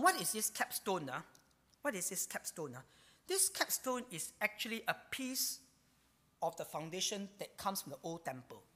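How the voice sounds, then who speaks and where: Guy preaching, bouncy up and down voice, says "ah" a lot, long hall echo. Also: fairly high pitch. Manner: animated, ends phrases with a drawn-out "ah". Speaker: pastor. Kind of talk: sermon.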